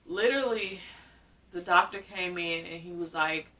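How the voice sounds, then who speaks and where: A woman's voice: on the low side, normal speed, bright, forceful tone, far from the mic. A woman vlogger telling a personal story in a casual, emotional way, often repeating herself. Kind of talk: casual story-time vlog.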